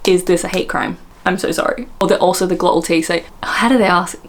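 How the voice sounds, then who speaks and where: A woman's voice: fairly low pitch, fairly quick. Chatty, self-mocking Australian woman. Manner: chatty, apologetic, self-mocking, often laughing. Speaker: vlogger. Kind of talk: casual chat.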